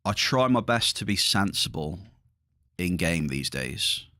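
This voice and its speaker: A man's voice: low voice, big pitch swings, unhurried, pushed and bright, no echo, clean studio sound. A middle-aged man chatting casually to viewers during a livestream, rambling, his voice slightly strained. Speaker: livestreaming gamer.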